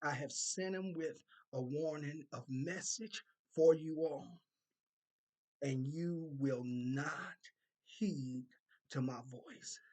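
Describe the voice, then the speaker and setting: Prophetic warning, slow deliberate pace, husky tone, repetitive emphatic phrasing. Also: mid-range voice, a little mellow. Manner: slow, repetitive, emphatic delivery relaying God's words. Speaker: content creator delivering a prophetic word.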